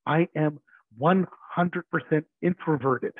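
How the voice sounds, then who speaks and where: A man with a somewhat high, breathy voice speaks slowly as an interview guest over a dry, narrowband phone-like remote line with no echo. An IT team leader, he casually tells workplace anecdotes, acting out quoted dialogue and chuckling often.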